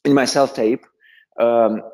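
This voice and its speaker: A Russian-accented man appears as a guest in a casual interview, telling animated anecdotes with plenty of fillers and laughter. His voice is medium-pitched and he speaks slowly.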